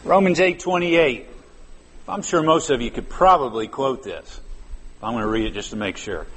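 A man's voice: mid-range voice, normal speed, a bit bright, long reverb tail. A man in his fifties preaching a sermon in a church, conversational and drawing out key words for emphasis. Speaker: pastor. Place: church sanctuary.

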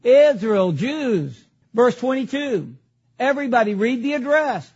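A man's voice: very high voice, animated, moderate pace, slightly rough, highs cut off. A man preaching a sermon from a pulpit, emphatic, firing questions at the congregation and answering them himself. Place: church sanctuary at a pulpit.

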